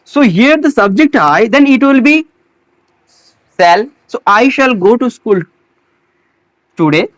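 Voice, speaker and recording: A teacher giving a slow English grammar lesson, pausing, repeating words and restarting phrases as they explain. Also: medium pitch, lively intonation, dry recording. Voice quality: non-native English phrasing.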